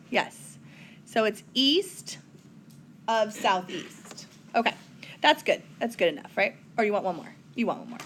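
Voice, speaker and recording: A woman's voice: medium pitch, fairly bright tone, a little hiss or hum. A woman teaching a recorded whiteboard math lesson, chatty, with playful asides to her students.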